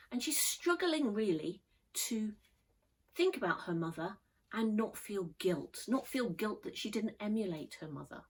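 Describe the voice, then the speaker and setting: Woman teaching poetry, lots of rise and fall in her voice, calm careful explaining. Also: medium pitch, slightly rough, rough recording. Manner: measured, thoughtful explaining. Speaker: English literature teacher.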